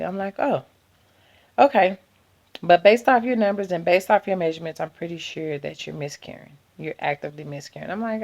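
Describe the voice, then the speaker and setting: A woman's voice: on the low side, brisk, creaky, darkish tone, lo-fi sound. A woman vlogger, possibly, telling an emotional personal story and quoting herself and her doctors.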